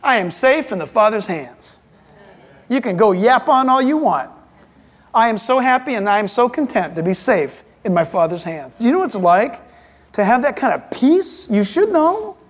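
A man preaching a sermon as pastor, animated and acting out voices and jokes. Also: extremely high pitch, normal speed. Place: church hall. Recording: reverberant hall.

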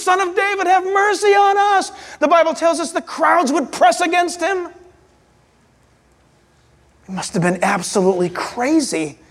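A man preaching a sermon as pastor, animated and acting out voices and jokes. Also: very high-pitched. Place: church hall. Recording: reverberant hall.

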